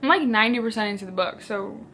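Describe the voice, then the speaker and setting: A young woman chatting casually as a book vlogger, animated and dramatic, with lots of filler "like"s. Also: mid-range voice, fast talker. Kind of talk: casual chat.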